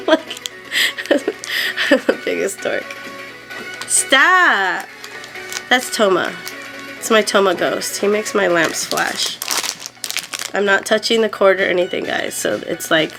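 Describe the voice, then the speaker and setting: A young woman excitedly chatting on camera at home as she unboxes a package, giggling often and filling her talk with 'like'. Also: mid-range voice, poor audio. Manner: bubbly and giggly, lots of 'like' fillers. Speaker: doll collector vlogger. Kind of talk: casual unboxing chat. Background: background music.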